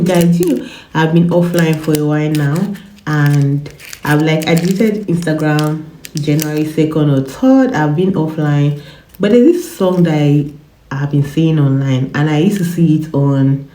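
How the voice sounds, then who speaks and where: A woman's voice: sits low, a little slow, mellow, echoey room, slight background noise. A woman in her twenties with a cough, chatting to camera, rambling and repeating herself. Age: 20s. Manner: chatty, rambling, repeats words, laughs often. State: has a cough. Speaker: vlogger. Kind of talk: casual chat to camera. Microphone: phone camera.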